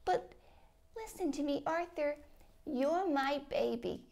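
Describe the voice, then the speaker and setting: A woman's voice: high voice, lively intonation, takes it slowly, creaky, darkish tone, full character voice. A woman playing a melodramatic, whiny mother who guilt-trips her grown son in a comedy sketch. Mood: guilt-tripping. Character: nagging, guilt-tripping middle-aged Jewish-style mother. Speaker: sketch actor. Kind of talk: comedy sketch phone call.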